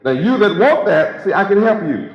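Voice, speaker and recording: This religious teacher's high, sing-song voice moves at a moderate pace as he preaches a sermon with emphatic rhetoric, drawing out key words. It is captured in an echoey, lo-fi hall recording with a crowd.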